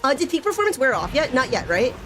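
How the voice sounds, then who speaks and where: A young woman gaming streamer talks with a high, lively voice that swings up and down. She rambles casually, laughing often, with a faint game soundtrack playing underneath. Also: fast talker, over music. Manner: chatty, giggly, lots of "like" and "bro".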